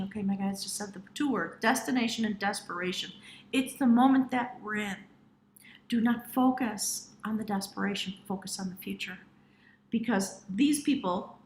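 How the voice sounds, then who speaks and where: A woman giving an intuitive tarot reading to camera, speaking earnestly and directly to the viewer, sometimes dropping into hushed, drawn-out phrases. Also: fairly high pitch, roomy sound, slight background noise, rough recording. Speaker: tarot reader.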